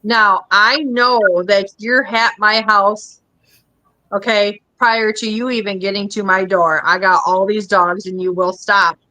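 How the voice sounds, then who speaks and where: A woman's voice: mid-range voice, steady tone, measured pace, pushed and bright. A Midwestern woman with a Minnesota accent, hosting a casual chat show and rambling along with lots of fillers. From American Midwest. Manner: chatty, rambling, frequent fillers. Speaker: podcast host.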